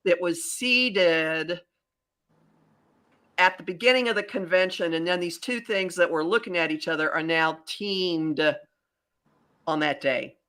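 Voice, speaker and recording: A woman hosting a podcast as a psychic astrologer, talking in a rambling, animated way with many restarts. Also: lowish voice, a little slow, pauses often. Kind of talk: casual podcast chat.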